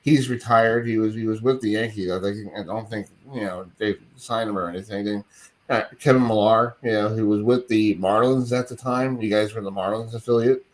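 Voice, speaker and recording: A man's voice: on the low side, steady tone, brisk. A man hosting a sports radio show from his home, telling stories in a rambling, chatty way. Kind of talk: casual radio chat.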